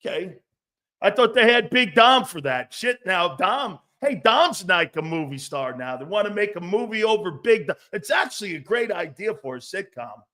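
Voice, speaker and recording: A man hosting a casual sports talk show, blunt and animated, swearing freely. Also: high voice, normal speed.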